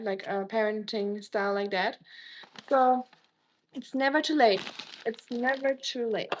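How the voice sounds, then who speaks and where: A woman live streams while cooking in her home kitchen, chatting casually, greeting viewers by name, and cracking teasing jokes. Her voice is fairly high, and the recording is rough.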